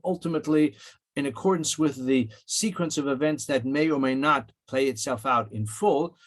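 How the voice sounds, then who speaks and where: A man giving a weekly Torah lesson in a measured way, quoting Hebrew verses and often rephrasing himself with fillers. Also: mid-range voice. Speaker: rabbi teaching Torah portion.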